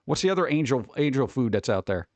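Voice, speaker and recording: Animated, joking male streamer. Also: mid-range voice, fast talker, no echo, dull audio. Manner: joking, playful, riffing. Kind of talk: casual live-stream chat.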